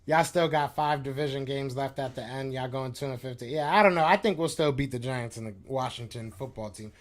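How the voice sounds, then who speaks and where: A man with a mid-range voice hosts a sports podcast live stream, reacting to chat as he vents. He talks briskly with few pauses, and his rant is frustrated, slangy, casual and repetitive.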